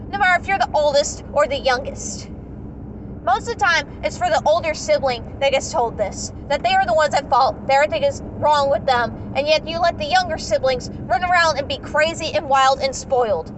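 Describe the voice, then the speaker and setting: Very high-voiced young woman ranting. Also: noisy background. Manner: emphatic, repetitive, indignant. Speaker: vlogger. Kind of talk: impassioned ranting monologue.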